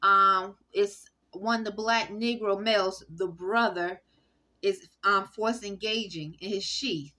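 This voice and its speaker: A woman talking straight to camera in a rambling, halting monologue full of fillers and restarts. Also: mid-range voice, fairly even intonation, pushed and bright. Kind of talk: casual spoken monologue.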